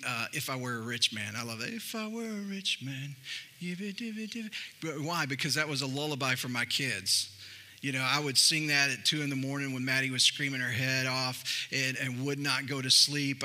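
Male pastor with a Texas accent, bright and forceful tone, slightly high voice, conversational sermon delivery that rises to emphatic points. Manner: conversational preaching, rising to emphatic. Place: church sanctuary.

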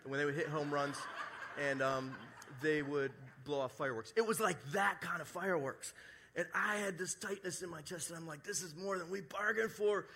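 A middle-aged man preaches a sermon, spinning a personal story with humor and asides. His voice is bright and forceful, sitting a little high for a man. He speaks to a church congregation. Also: moderate pace, creaky, husky. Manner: storytelling, animated, jokey asides. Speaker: pastor. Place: church service before a congregation.

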